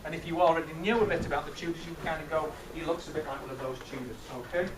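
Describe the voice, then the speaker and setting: Male teacher, middle-aged, lively and questioning; distant mic, roomy echo. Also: a little high, very fast, crowd noise. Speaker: teacher leading a maths master class. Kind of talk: classroom teaching with questions to pupils. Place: classroom. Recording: echoey classroom from far off, noisy.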